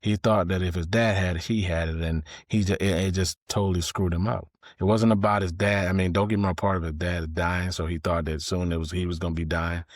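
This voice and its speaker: A man's voice: deep voice, steady tone, fairly quick, hardly any pauses, no room sound, studio quality. A man, telling a personal story in a candid, confessional, conversational way. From Georgia, US. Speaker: host, storyteller.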